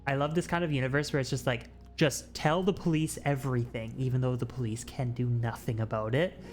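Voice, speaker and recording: A streamer and artist in a casual, rambling livestream chat, often jumping into animated mock quotes. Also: mid-range voice, a little fast, soft background music.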